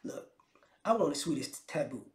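A man's voice: on the high side, lively intonation, normal speed. Mocking man ranting in a roomy space. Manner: mocking, incredulous, repeats words, laughs often. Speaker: commentary vlogger. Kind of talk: casual comedic rant. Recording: roomy echo.

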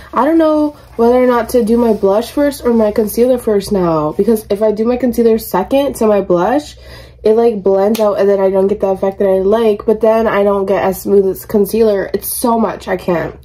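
A woman's voice: medium pitch, normal speed, dark tone, poor audio. A young woman vlogging her morning routine in a casual, rambling way, swearing now and then, recorded by a camera on a tripod in her bedroom. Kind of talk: casual get-ready-with-me chat. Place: home bedroom, indoors.

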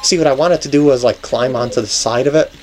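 A man's voice: medium pitch, fast, music in the background. A man hosting a let's play, giving casual gameplay commentary as he thinks aloud, often restarting sentences and chuckling.

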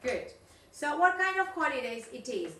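Woman teacher, high lively voice, bright tone, echoey room, mic at a distance. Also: normal speed. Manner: animated, coaxing, repeats words. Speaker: English teacher. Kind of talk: online class, mixing English and Spanish.

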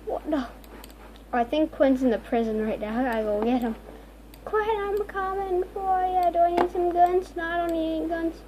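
High-voiced, excitable woman gamer. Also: normal speed, slight background noise. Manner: excitable, frequent squealing exclamations. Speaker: gaming video host. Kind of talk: gameplay commentary.

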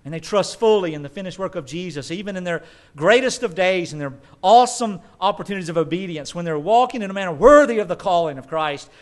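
A man preaches with a fairly high voice. He drives his points hard and then drops into quick, dry asides. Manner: emphatic preaching with asides and mock quotes. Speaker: pastor. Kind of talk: sermon.

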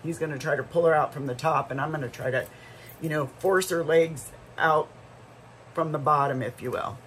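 A woman's voice: low-pitched, moderate pace, a little hiss or hum, rough recording. A middle-aged woman vlogger telling a story in a casual, rambling way, full of asides and restarts.

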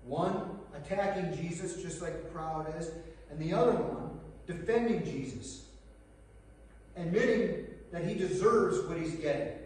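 Earnest high-voiced male preacher in an echoey hall. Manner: earnest preaching with dramatic pauses and hushed retellings. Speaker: pastor. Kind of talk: sermon. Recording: echoey hall recorded from far off.

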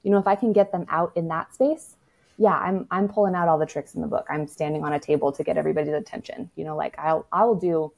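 A woman's voice: low-pitched, fairly even intonation, fast talker, gravelly, darkish tone. A woman speaking as a toddler-parenting expert in a casual podcast conversation, frank and matter-of-fact, with lots of "like" and the odd swear word.

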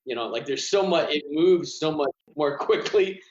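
A man's voice: fairly high pitch, lively intonation, moderate pace, darkish tone, reverberant, highs cut off. A man being interviewed about his own films, talking in a reflective, easygoing way and saying "you know" a lot. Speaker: filmmaker guest. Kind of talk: casual interview chat.

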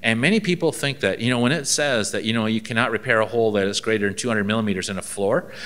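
A man's voice: fairly low pitch, quick pace, a bit bright. A man, a transport ministry inspector from Canada, gives a seminar and tells anecdotes with dry humor, acting out bits of dialogue.

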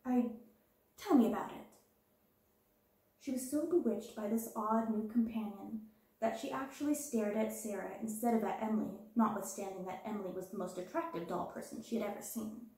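Woman storyteller, gentle storybook narration, mellow voice, echoey room. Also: medium pitch, fairly even intonation, a little fast, vocal fry. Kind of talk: reading a children's classic aloud.

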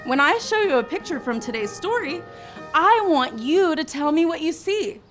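Bright, bouncy preschool show host woman. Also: high-pitched, animated, normal speed, soft background music. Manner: exaggerated, playful, cheering on young children. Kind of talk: preschool Bible lesson.

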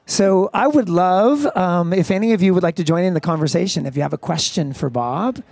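Gravelly mellow male host. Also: high voice, brisk, dry recording. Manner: relaxed, curious, lightly joking. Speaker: interview host. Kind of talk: casual interview questions.

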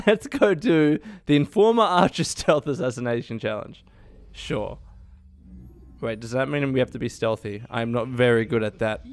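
A young man giving excitable, swearing let's play commentary, laughing often. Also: medium pitch, normal speed. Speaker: gaming youtuber.

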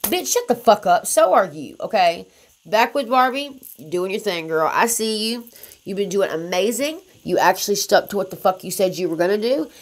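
A woman's voice: medium pitch, animated, moderate pace. A young adult woman ranting to the camera as a commentary vlogger, blunt and confrontational, swearing heavily. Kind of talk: profane drama commentary rant.

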